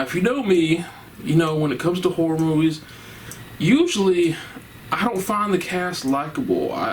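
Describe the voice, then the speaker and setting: A man's voice: fairly high pitch, a little hiss or hum, rough recording. A man giving a casual, enthusiastic and rambling horror movie review, laughing often.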